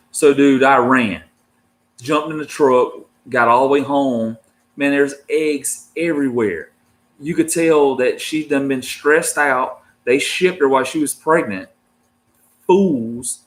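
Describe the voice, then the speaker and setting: At a measured pace and medium pitch, a married man who keeps reptiles rambles to his viewers. He's laid-back, with a slangy manner that leans heavily on "dude" and "man."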